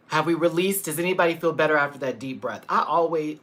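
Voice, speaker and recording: A man's voice: on the high side, moderate pace, pushed and bright, slight background noise. A man hosting a casual livestream, chatting with viewers, greeting them by name and laughing often. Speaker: livestream host. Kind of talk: casual live chat with viewers.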